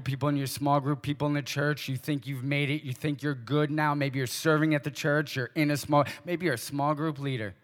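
A male pastor delivers a sermon in a slightly higher voice, firing short pointed questions at the congregation and then dropping to quieter asides. His words ring out with the long reverb of a large church hall.

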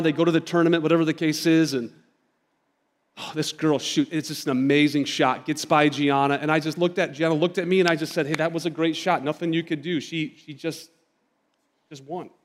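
Speaking in a large hall, a pastor in his thirties with a fairly high voice delivers a sermon in the church sanctuary. He tells stories in a conversational way and addresses the congregation directly.

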